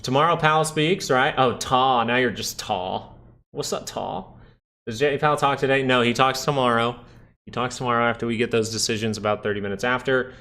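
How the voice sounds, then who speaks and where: A man's voice: mid-range voice, brisk, bright, forceful tone. A young man hosting a live stock market stream, chatting casually with viewers while talking through charts. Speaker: stock market livestream host.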